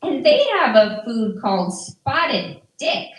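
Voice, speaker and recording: A middle-aged woman doing stand-up, firing off dry, deadpan one-liners in a high, lively voice. She takes her time between the jokes. The sound is heard from a distance in an echoey room. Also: slow. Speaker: stand-up comedian. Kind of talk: stand-up comedy set. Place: comedy venue before a live audience.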